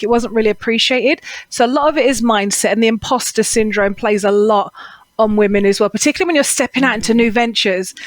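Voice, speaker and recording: A woman's voice: on the high side, no room sound. A woman vocal coach as an interview guest, talking earnestly and giving advice, with frequent "Mm-hmm"s. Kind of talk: interview conversation.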